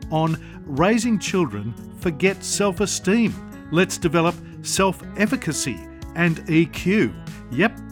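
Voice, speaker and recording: A man hosting a radio podcast interview, asking lively, probing questions. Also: on the high side. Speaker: podcast host.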